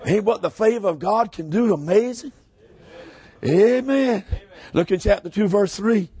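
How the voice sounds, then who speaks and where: A man preaching a shouting revival sermon, hollering high, then dropping low. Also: unhurried, husky. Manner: hollers with rising pitch, then drops low. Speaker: pastor.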